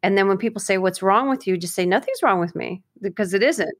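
A woman talking in a casual advice chat, with a voice sitting in the middle of the usual female range. She is lively and animated, and her pitch lifts sharply whenever she acts out someone else's words. She sounds like a coach sharing practical tips with her co-hosts. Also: fast. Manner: animated, acts out quoted speech in a higher voice.

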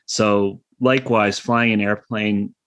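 A man's voice: fairly low pitch, fairly even intonation, slow pace, a bit bright, no echo. A man co-hosting a podcast, talking in a dry, matter-of-fact casual way. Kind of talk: casual chat.

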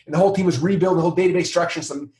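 A middle-aged man, a company founder, telling a story in a casual interview and acting out the people he quotes. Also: rapid-fire. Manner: animated, acts out quoted voices in a higher pitch. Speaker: founder and CEO of a software company. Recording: roomy sound, a bit off-mic.

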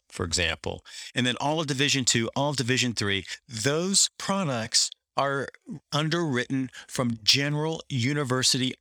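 A man's voice: mid-range voice, pushed and bright, dry recording, clean studio sound. A man hosting a commentary, reading quoted passages aloud with dramatic emphasis and sardonic, critical remarks between them. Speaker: podcast host.

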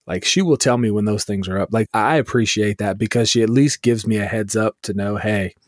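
A man co-hosting a podcast, trading dry, teasing remarks and laughing along. His voice sits on the low side. The recording is dry and close. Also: a little fast, no room sound. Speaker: podcast co-host. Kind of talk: casual chat.

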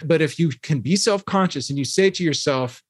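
A man in his thirties, a podcast guest in a casual long conversation, talking fast and discursively about philosophy, filling his speech with "like" and "you know.". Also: on the high side, husky, no echo, clean studio sound.

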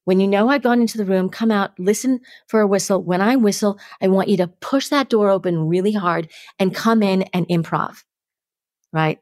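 A middle-aged woman, a podcast guest telling stories with lively energy and acting out the voices in them. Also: medium pitch, normal speed, dry recording, studio quality. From New York. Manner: lively, acts out the voices in her stories, laughs often. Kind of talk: animated storytelling.

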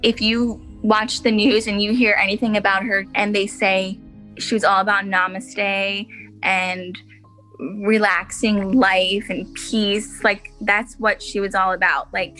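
A woman's voice: mid-range voice, pushed and bright, rough recording. A woman interviewed about her half-sister, talking in a chatty way with lots of "like". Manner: chatty, heavy use of "like". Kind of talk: documentary interview.

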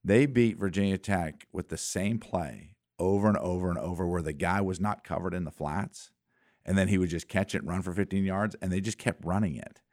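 A man's voice: sits low, fairly quick, no room sound, clean studio sound. A man co-hosting a sports talk show, telling stories and acting out plays. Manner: storytelling, animated when acting out plays.

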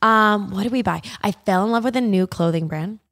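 A woman's voice: medium pitch, brisk. A woman in her thirties chatting casually as a podcast host, telling stories with lots of fillers and swearing. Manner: animated storytelling, swears, filler-heavy. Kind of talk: casual chat.

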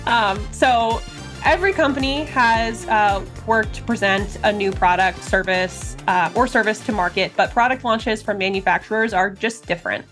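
A woman's voice: medium pitch, normal speed, a bit bright, soft background music. Bubbly woman hosting a webinar. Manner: bubbly, laughs often, filler-heavy. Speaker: podcast host.

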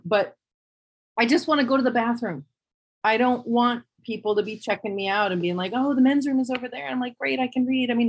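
A woman talking in a relaxed discussion, thoughtful and wry, often restarting her sentences. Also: medium pitch, slightly rough. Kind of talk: casual discussion.

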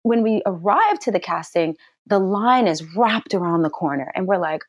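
A middle-aged actress telling a personal story in an interview, animated and acting out what people said in a high, excited voice. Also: female voice, moderate pace, no echo, clean studio sound. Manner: lively storyteller who acts out quotes in a high excited voice.

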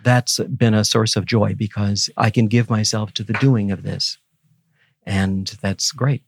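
Gravelly older man, earnest and teacherly. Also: fairly low pitch, fairly even intonation, measured pace, no echo, clean studio sound. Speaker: guest scholar. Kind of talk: reflective interview conversation.

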